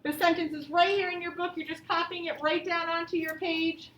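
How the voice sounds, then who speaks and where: High-voiced woman teacher, patient. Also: flat delivery, background noise. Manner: patient, encouraging, reads example sentences slowly. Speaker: elementary school teacher. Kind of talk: classroom grammar lesson. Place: classroom, also streamed to pupils at home. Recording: echoey classroom from far off.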